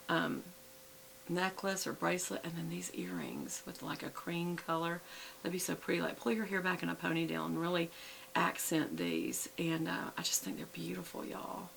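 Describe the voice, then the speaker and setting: Gravelly-voiced woman vlogger. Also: fairly low pitch, a bit bright, a little hiss or hum, rough recording. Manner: chatty, rambling, with many fillers and self-corrections. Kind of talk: casual show-and-tell chat.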